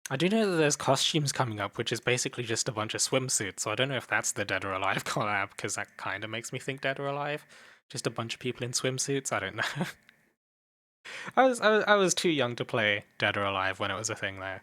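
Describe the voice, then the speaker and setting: A man's voice: medium pitch, animated, quick pace, sharp tone, no room sound. A young man casually commenting on a game while streaming, chatting with viewers and swearing offhandedly.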